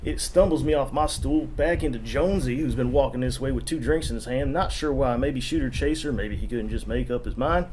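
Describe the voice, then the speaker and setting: A man's voice: medium pitch, fairly quick, few pauses, a little mellow, slight background noise. Crude, ranting male storyteller. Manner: crude, profane, ranting asides. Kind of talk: first-person story narration.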